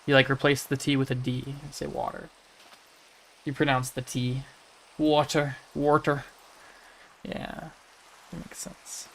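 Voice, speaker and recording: A man's voice: medium pitch, little pitch movement, moderate pace, creaky, long pauses, a bit bright, slight background noise. A man from the United States, talking casually on a game livestream and musing as he answers chat messages. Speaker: game streamer.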